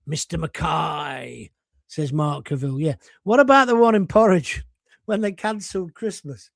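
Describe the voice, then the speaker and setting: A man's voice: high voice, very animated, normal speed, no room sound. An older man hosting a casual live stream, chatting bluntly and cheekily while reading out viewer comments.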